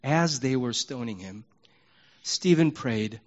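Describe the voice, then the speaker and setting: A man preaching a sermon as a pastor, animated and emphatic, moving between loud and hushed delivery in a candid, conversational way. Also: medium pitch, slow pace, dull audio. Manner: conversational and candid, acts out prayers in his own voice.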